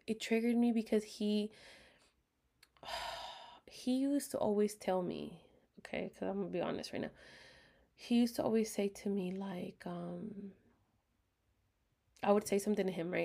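A woman casually telling a personal story to her viewers, candid and expressive, swearing freely and slipping into half-whispers, with a dry throat she keeps clearing. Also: medium pitch, moderate pace, long pauses. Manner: talks in bursts, often drops to a half-whisper. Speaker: vlogger.

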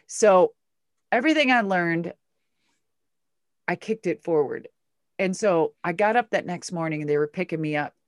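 A middle-aged woman telling a story as an interview guest, animated, swearing and making vocal sound effects. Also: fairly low pitch, moderate pace, long pauses, dry recording, studio quality. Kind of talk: casual storytelling.

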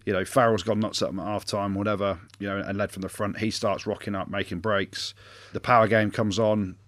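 Guy on a rugby podcast, lowish voice, dry close sound, gets fired up and laughs a lot. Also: no echo. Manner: lively, argumentative, quick to laugh. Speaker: podcast co-host, former rugby fly-half. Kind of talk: casual sports chat.

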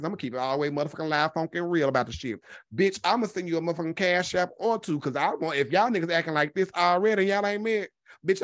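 A foul-mouthed commentary vlogger with a mid-range voice, ranting with loads of sass and drawn-out emphasis. The sound is dry and close, with no room around it. The delivery keeps swinging between loud jabs and low asides. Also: dry recording. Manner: sassy, animated, swears constantly, drawn-out emphasis. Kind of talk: profane gossip commentary.

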